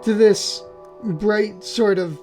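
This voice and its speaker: A man's voice: high-pitched, slow pace. A man hosting a piano channel, walking through music theory with enthusiasm and often checking in with "right?". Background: faint piano playing.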